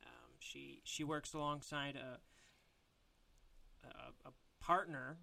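A man's voice: mid-range voice, steady tone, creaky, bright, forceful tone. A man improvising a comedic story, rambling with many fillers and restarts. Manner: rambling, filler-heavy, halting. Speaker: storyteller, co-host.

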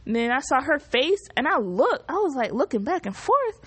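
A woman hosting a casual solo podcast, recapping a show in an animated, profane, exclamatory way. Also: high-pitched, moderate pace, few pauses. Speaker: podcast host.

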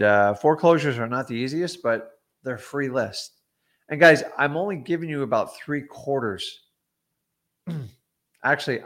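Man, middle-aged, livestream host, casual teaching, blunt, chatty, lots of ums, average pitch. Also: a bit bright. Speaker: real estate investor teaching wholesaling.

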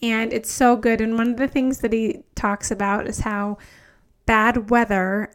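A woman's voice: on the high side, level tone, a little slow, smooth. A woman in her thirties hosting a solo podcast as a coach, chatty and enthusiastic, with lots of "like" fillers.

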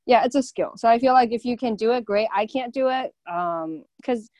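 A woman hosting a casual chat, blunt and quick to swear, filling her speech with "like". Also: fairly high pitch, a little mellow, dry recording. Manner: blunt, swears freely, lots of "like".

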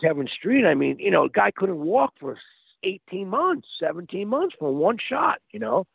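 Animated man on a tinny phone line. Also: sits high, moderate pace, creaky, breathy edge, no room sound. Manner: animated, repeats words, acts out quotes. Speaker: guest. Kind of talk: casual storytelling. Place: outdoors by a street. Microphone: phone call.

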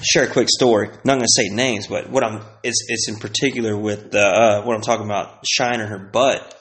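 A man's voice: fairly low pitch, steady tone, fairly quick, a bit bright. A man talking in a casual, profane monologue, rambling through rants and stories and acting out other people's voices. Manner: profane, rambling storytelling rant.

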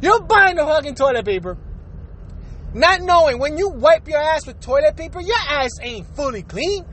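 A woman's voice: high-pitched, very animated, moderate pace, fairly bright tone, slight background noise. A woman delivering a profane, exasperated solo rant, firing off rhetorical questions. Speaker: vlogger.

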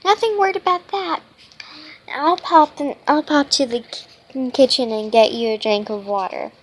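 A woman reading the lines of a kind, calm schoolgirl in a plain voice. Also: sits high, normal speed, a little hiss or hum, close to an everyday voice, poor audio. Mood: friendly.

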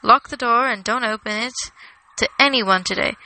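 Excitable young hobbit man for a storybook reading, high and bright, eager, played by a woman. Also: normal speed, low-quality recording. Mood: earnest. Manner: eager, rising exclamations.

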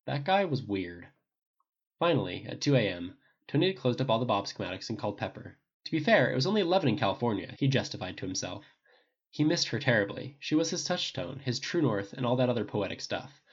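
A man giving steady scripted audiobook narration on a dull lo-fi recording. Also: medium pitch, slightly rough.

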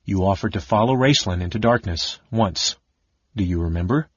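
A resolute young wife, read by a male narrator in a low husky voice, speaking quietly but steadily. Her tone is earnest and firm. The storybook recording is dry and slightly dull. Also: moderate pace, no room sound.

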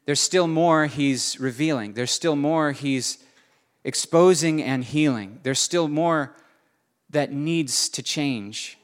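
A man's voice: a little high, takes it slowly. Earnest man preaching a sermon. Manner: earnest, swings from soft to emphatic.

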